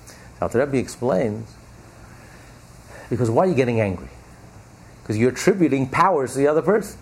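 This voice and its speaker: A man's voice: medium pitch, expressive, fairly quick, long pauses, slightly rough. A man teaching as a rabbi, giving an emphatic religious lecture full of rhetorical questions and repetition.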